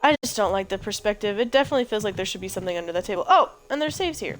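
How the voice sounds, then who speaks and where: A woman's voice: mid-range voice, expressive, very fast, over music, low-quality recording. A woman giving let's play commentary as a gaming host, chatty and jokey and rambling as she plays.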